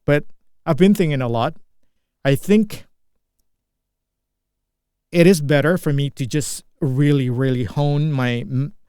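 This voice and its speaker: A man's voice: medium pitch, a little mellow, clear, resonant tone, no room sound, clean studio sound. A man from Indonesia with an Indonesian accent, a native Indonesian speaker, thinking aloud in an unscripted solo vlog and often restarting and repeating phrases. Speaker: vlogger practicing English.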